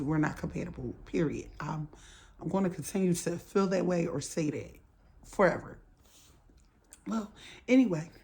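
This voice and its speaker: A woman's voice: fairly low pitch, warm tone. A woman in casual storytime vlog style, animatedly acting out both sides of an argument. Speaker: storytime vlogger.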